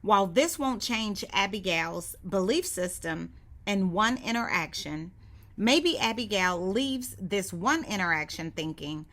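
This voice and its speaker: A woman giving calm, measured, scripted voiceover narration for a training course. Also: medium pitch. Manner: calm, measured instructional delivery. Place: studio voiceover.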